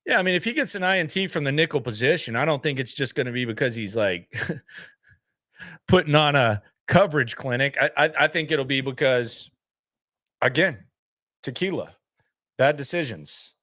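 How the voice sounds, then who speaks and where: A man's voice: mid-range voice, expressive, moderate pace, pauses often, bright, forceful tone, no room sound, studio quality. A man hosting a sports channel, chatting casually and bluntly, skeptical, often repeating himself as he answers viewer comments.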